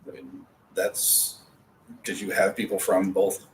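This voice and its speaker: A man's voice: deep voice, slow pace. A man teaching an adult Hebrew class, explaining patiently with chatty asides. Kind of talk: classroom lecture. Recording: distant mic with faint background noise.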